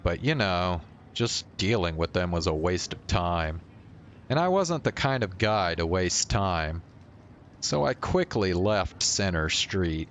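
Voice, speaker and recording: A man's voice: low-pitched, sing-song, takes it slowly, fairly bright tone, a little hiss or hum. A male streamer reading a visual novel aloud and breaking off now and then for offhand remarks and chuckles.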